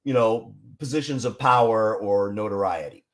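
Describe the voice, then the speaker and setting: A man from Seattle, a songwriter and writer, talking on a podcast in a measured, explanatory way. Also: fairly low pitch. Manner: measured, explanatory, with frequent restarts. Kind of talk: casual interview chat.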